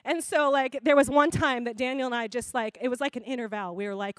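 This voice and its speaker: Woman giving a chatty sermon, high voice, dry close sound. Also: quick pace, hardly any pauses, clean tone, no room sound. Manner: conversational and expressive, laughs often. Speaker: preacher.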